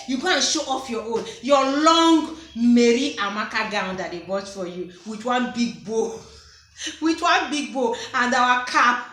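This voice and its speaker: A Nigerian woman in her thirties tells childhood stories in a lively, teasing way and laughs often. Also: high-pitched. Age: 30s. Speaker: vlogger. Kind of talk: unscripted personal storytelling. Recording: echoey room.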